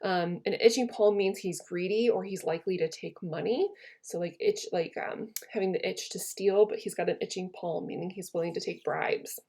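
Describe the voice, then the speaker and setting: A woman's voice: fairly low pitch, normal speed, dark tone. A woman teacher giving a casual recorded lesson from home, chatty and full of ums, retelling lines in modern slang. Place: her home.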